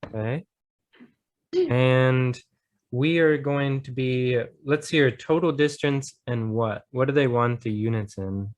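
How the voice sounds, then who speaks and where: An American man tutors math at an unhurried, deliberate pace, his voice pitched in an ordinary middle range. He talks through each step patiently and encourages his student. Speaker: math teacher. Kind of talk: online tutoring lesson.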